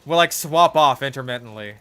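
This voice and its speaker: A man's voice: medium pitch, brisk, a bit bright, smooth, no room sound. A man streaming a shooter game, rambling and joking with stammered restarts. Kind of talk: casual gaming commentary.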